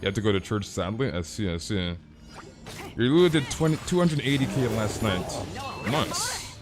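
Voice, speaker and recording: A young man streaming a game live, chatting casually with viewers and telling animated, exaggerated stories. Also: lowish voice, brisk, music in the background. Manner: casual, animated, reads chat aloud, exaggerates. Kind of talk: live stream chat while playing.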